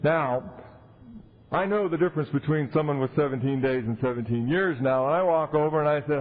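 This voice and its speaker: A man speaking at a recovery convention, telling his story in an animated way and acting out the people he quotes. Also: fairly high pitch, brisk. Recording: tinny 1990s tape recording.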